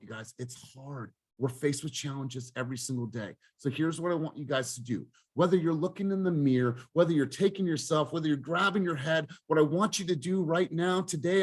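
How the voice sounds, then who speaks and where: A man with a fairly high, husky voice leads a motivational group coaching session over a call. His delivery is fired up and emphatic, with a lively, swinging pitch and the odd swear word thrown in for punch.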